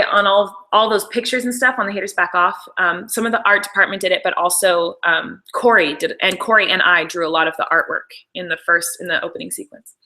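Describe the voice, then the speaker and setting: A young woman talks casually through a live stream, piling up enthusiastic behind-the-scenes stories and quick apologies. Her voice is bright and forward. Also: medium pitch, rough recording. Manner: chatty, gushing, apologetic asides. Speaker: show creator and host.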